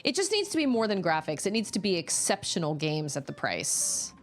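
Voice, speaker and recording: A woman streaming a game, chatting casually and reacting with quick exclamations as she plays. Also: on the low side. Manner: chatty, animated, quick exclamations and laughs while playing. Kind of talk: casual live-stream chat while gaming. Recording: faint game music behind.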